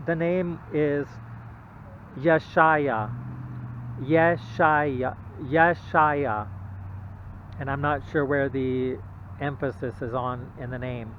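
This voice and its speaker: Halting man on tinny audio. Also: on the high side, a little hiss or hum. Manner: halting, repetitive, checks in with "okay?". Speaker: religious video presenter. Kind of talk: informal Bible teaching monologue.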